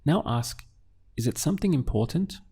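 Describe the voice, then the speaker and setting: A man teaching useful phrases in a slow, clear lesson, giving prompts and then the model answers. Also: fairly high pitch, lively intonation, dark tone. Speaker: language teacher. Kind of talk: audio language lesson.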